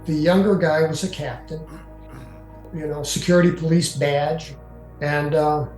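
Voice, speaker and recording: An older man recounting his own experience to an interviewer, in a halting way with many fillers. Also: a little high, steady tone, a little mellow. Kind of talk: first-person storytelling. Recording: echoey room with faint music.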